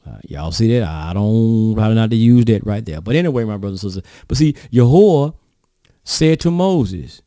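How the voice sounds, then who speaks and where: A man's voice: on the low side, lively intonation, normal speed, warm tone, no room sound, studio quality. A man preaching, reading scripture aloud and commenting on it in a folksy way, often asking his listeners rhetorical questions. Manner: folksy, rhetorical questioning, addresses audience as y'all.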